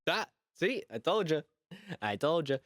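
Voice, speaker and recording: A man's voice: a little high, very animated, a little slow, over loud music. A young man giving casual reaction commentary, incredulous and rambling, full of "like" and repeated questions. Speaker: commentary YouTuber.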